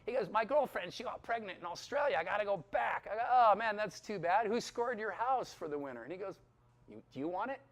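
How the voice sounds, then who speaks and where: A middle-aged pastor gives his testimony to a room of Bible school students. He sounds higher than most men and tells it with animated storytelling, acting out the old conversations and getting emotional near the end. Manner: animated storytelling, acts out dialogue.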